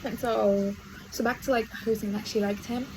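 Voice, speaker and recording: A woman's voice: a little high, steady tone, normal speed. A young woman vlogging casual reading updates, chatty and gushing, with lots of fillers. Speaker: book vlogger. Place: at home while doing laundry. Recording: noisy home recording. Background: washing machine noise.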